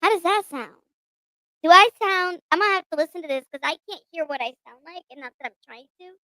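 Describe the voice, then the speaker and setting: A woman livestream host speaking through a voice changer that makes her sound like a squeaky chipmunk or baby, laughing as she tests it on her chat. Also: expressive, fast, pushed and bright, no echo, full character voice, low-quality recording. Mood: playful. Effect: squeaky voice changer filter.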